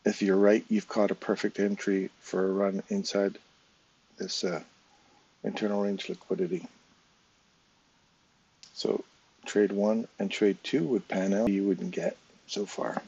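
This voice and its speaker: A man's voice: on the low side, fairly even intonation, unhurried, gravelly, pauses often, a little mellow, husky, lo-fi sound. An English man with a casual, chatty manner, talking viewers through a trading chart live, step by step. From England. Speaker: trading educator.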